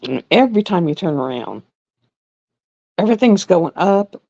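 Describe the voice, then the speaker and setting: A middle-aged woman hosting a live stream in casual chat, blunt and repetitive, often quoting herself in an even higher voice. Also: normal speed, gravelly, pauses often. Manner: chatty, blunt, drawling, repeats herself. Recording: dry, dull lo-fi sound.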